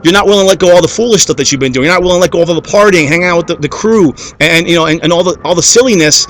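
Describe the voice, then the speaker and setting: A man's voice: high voice, rapid-fire, a bit bright, a little hiss or hum. A man giving a motivational talk to an audience, preachy and repetitive, forever checking in with "okay?" and "guys" as he stacks up parallel phrases. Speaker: motivational speaker.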